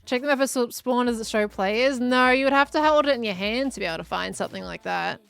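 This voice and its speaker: Woman, streamer, casual gaming chatter, thinks aloud, slightly high, gravelly. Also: fast, fairly bright tone, soft background music.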